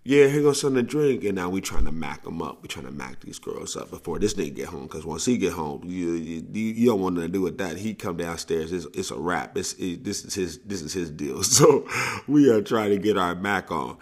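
A man with a low, brisk voice, a podcast host and coach, tells a long casual story in a rambling way. He repeats and restarts phrases and laughs often.

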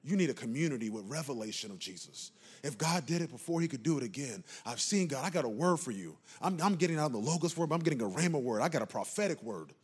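Husky-voiced preacher delivering a passionate sermon. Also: male voice, mid-range voice, lively intonation, fast. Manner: impassioned preaching with call-and-response asides. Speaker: pastor.

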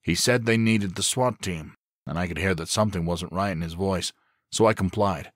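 A man's voice: deep voice, dry recording, studio quality, lightly acted. A man doing a grave police captain. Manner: grave, measured. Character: somber middle-aged male police captain.

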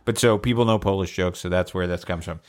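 A man's voice: low voice, quick pace, a little mellow. A man hosting a podcast, telling a long joke in a casual, hesitant, rambling way. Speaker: podcast host.

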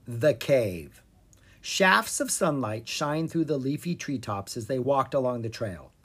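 A narrator reading a children's chapter book aloud with expressive storytelling. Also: breathy edge. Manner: expressive storytelling, dropping low on tags. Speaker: audiobook narrator.

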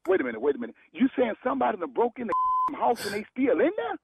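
A man's voice: very high voice, big pitch swings, quick pace, creaky, a bit bright, slightly rough. A man on a phone call, blunt and exasperated, swearing and repeating himself. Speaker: prank call target. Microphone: telephone. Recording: tinny dry phone line.

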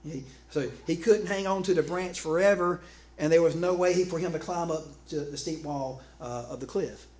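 A man preaching a sermon in an animated, conversational way, often restarting phrases and calling out to his congregation. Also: on the high side, moderate pace. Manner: calls out to the congregation. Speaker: pastor. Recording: echoey room with faint background noise.

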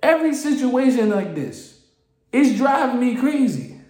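High-pitched guy venting on his podcast, keeps repeating himself, echoey room. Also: a little slow. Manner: animated, exasperated, repeats and restarts phrases. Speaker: podcast host. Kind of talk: casual solo podcast rant.

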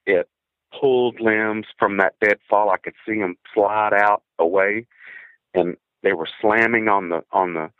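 A man with a very low, deep voice tells an encounter story from his past over a thin, tinny phone line with no room sound at all. He speaks earnestly and haltingly, often repeating a word before pressing on. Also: fairly even intonation, no room sound. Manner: earnest, halting, repeats words when tense. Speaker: guest telling a personal encounter story. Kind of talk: first-person encounter story.

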